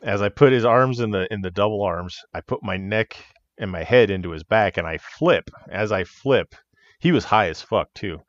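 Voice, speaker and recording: A wrestler who co-hosts a podcast tells locker-room stories in casual chat, laughing often and swearing freely. His voice is lowish and his speed normal. There's no echo, but the audio sounds dull and muffled.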